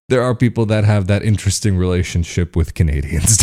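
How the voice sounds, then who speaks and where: A man's voice: low-pitched, lively intonation, quick pace, few pauses, dark tone. A man from the United States talking casually to camera as a video host, chatty and often laughing between points.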